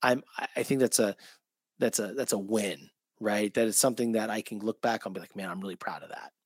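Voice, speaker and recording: A middle-aged man hosting a conversation, talking reflectively and filling pauses with "you know". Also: on the low side, fairly even intonation, no echo. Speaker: podcast host. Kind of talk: casual chat.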